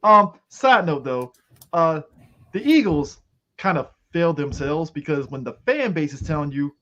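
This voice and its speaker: A man's voice: fairly high pitch, very animated, moderate pace, fairly bright tone, a little hiss or hum. Joking man on a muffled mic. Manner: joking, profane, laughs easily. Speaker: podcast co-host. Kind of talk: casual sports chat.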